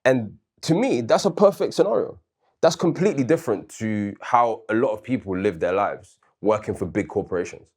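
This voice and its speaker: Man, low voice, co-host, earnest debate, questioning. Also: animated, a little fast, darkish tone, husky. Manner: earnest, arguing his case with stories and questions. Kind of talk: casual debate.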